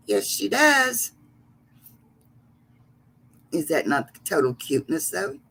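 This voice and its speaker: A middle-aged woman hosts a relaxed livestream, chatting to her viewers and greeting each one by name with sweet endearments. Her voice has a gravelly, creaky edge. She takes her time, talking at an unhurried, easy pace. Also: deep voice. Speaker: livestream host. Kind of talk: casual livestream chat.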